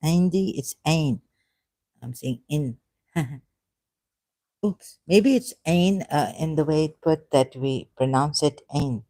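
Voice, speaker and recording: A woman on a live stream, thinking aloud in a halting, hesitant way and correcting herself as she goes. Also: low voice, dark tone, no echo.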